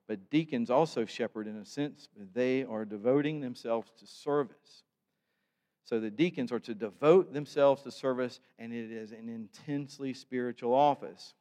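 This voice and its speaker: A man preaching a sermon to his congregation, conversational and animated, with asides to the listeners. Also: mid-range voice, normal speed. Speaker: pastor. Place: church sanctuary. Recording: long church reverb.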